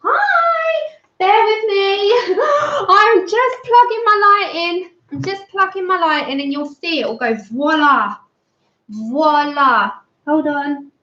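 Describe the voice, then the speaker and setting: High-voiced woman chatting on a colouring stream. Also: takes it slowly, sharp tone. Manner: chatty, greets viewers by name, scatterbrained asides. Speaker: livestream host colouring. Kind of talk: casual livestream chat. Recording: roomy, dull lo-fi sound.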